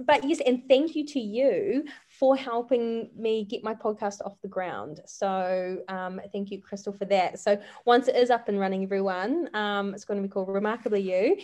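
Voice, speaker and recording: A woman's voice: mid-range voice, moderate pace, few pauses, a little mellow. A woman, a life coach speaking earnestly as a podcast guest, with frequent fillers and restarts. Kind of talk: casual interview chat.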